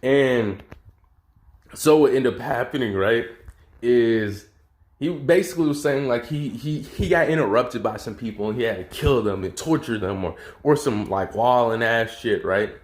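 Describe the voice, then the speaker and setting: A man's voice: mid-range voice, normal speed. A man casually retelling a fan story, rambling with lots of fillers and crude slang. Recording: roomy echo.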